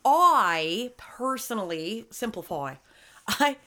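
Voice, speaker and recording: A woman's voice: on the high side, lively intonation, takes it slowly, bright, forceful tone. A woman co-hosting a podcast, narrating a story and joking in casual chat, swearing freely. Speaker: podcast co-host.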